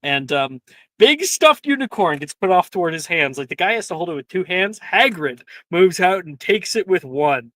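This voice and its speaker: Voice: mid-range voice, big pitch swings, moderate pace, a bit bright, dry recording. A game master narrating a tabletop game in a hesitant way, with many fillers.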